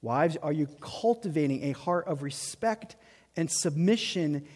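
A man preaching a sermon in a lively, conversational way, acting out quotes as he goes. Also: on the high side, a little slow. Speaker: pastor. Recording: long reverb of a large hall.

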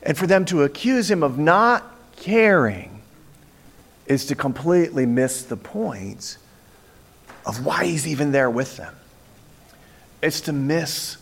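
Male pastor, mid-high voice, very expressive sermon delivery. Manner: animated storytelling, acts out frightened voices.

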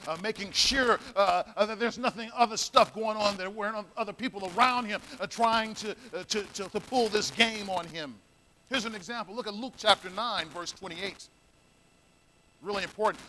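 High-pitched, bright-voiced preacher man. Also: normal speed, slight background noise, low-quality recording. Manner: emphatic, repeats key phrases, calls out to the congregation. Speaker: pastor. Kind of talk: sermon.

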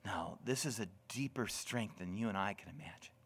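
A man preaching a sermon as pastor, swinging deliberately between loud emphasis and hushed, whispered lines. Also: on the low side, breathy edge.

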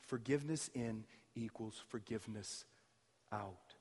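A man preaching a sermon as pastor, his emphasis surging loud and then dropping to near quiet. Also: on the low side, measured pace, husky. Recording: reverberant hall.

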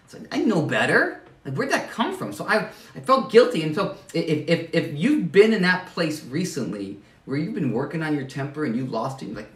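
A man's voice: fairly high pitch, big pitch swings, brisk, hardly any pauses, fairly bright tone, roomy sound, far from the mic. A man preaching a sermon as pastor, conversational and self-deprecating, often restarting and stammering over his words.

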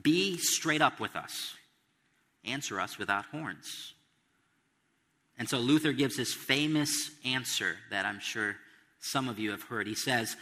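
A man's voice: mid-range voice, lively intonation, measured pace, pushed and bright, in a large hall. A man preaching an expository sermon, stressing quotes and asking the listeners questions. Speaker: pastor.

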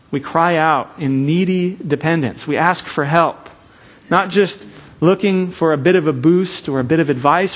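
A man delivers a sermon earnestly and emphatically, slowing down to stress key phrases. His voice sits on the high side.

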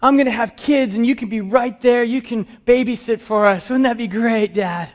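An eager teenage boy pleads with his father in a bright, high voice, as a preacher puts him on. The sound is dull and lo-fi. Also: moderate pace. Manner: hopeful, eager.

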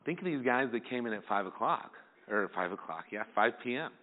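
A man's voice: mid-range voice, lively intonation, brisk. Guy pastor giving a sermon, acts out the story people, sounds like a phone line.

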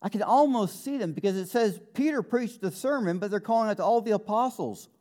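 A man preaching a sermon in an earnest manner, slowing down to quote scripture and building up with fervor. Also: sits high, animated, mellow. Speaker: pastor.

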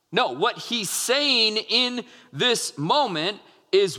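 Male pastor, earnest sermon delivery, high and bright, long hall reverb. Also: expressive, slow pace. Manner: earnest, with frequent restarts and quoted dialogue.

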